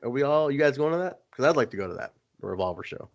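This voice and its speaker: Animated joking man chatting on a podcast. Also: mid-range voice, racing, vocal fry, dull audio. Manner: rambling, jokey storytelling. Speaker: podcast co-host. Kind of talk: casual chat.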